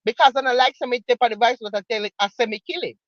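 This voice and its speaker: A woman with a Jamaican accent holds forth in casual chat, mocking and emphatic, hammering her points home by repeating them. Her voice sits a little high. The recording is dry and a bit dull, like a low-fi home setup. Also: rapid-fire, dry recording. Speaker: online commentator.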